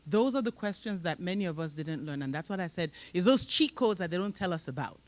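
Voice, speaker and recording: A woman's voice: on the low side, lively intonation, fast talker, no echo. A woman with a mixed, hard-to-place accent, giving an emphatic motivational career talk on a conference stage and laughing often. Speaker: panel moderator at a professional summit.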